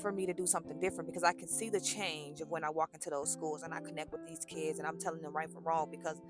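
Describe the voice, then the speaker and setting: Woman vlogging about god and work, aave, super animated, acts out both sides, soft music behind. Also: sits low, fast talker. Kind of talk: casual faith talk to camera.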